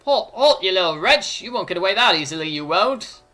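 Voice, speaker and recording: A man's voice: high-pitched, expressive, fairly quick, soft background music. A man voicing a bossy, blustering male colonial watchman in a video game playthrough. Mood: angry. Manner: loud, blustery, theatrical.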